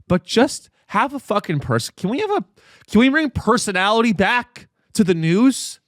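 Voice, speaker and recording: A man's voice: high-pitched, fairly bright tone, dry recording, studio quality. A man hosting a podcast in a casual comedic rant, profane and rambling. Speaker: podcast host.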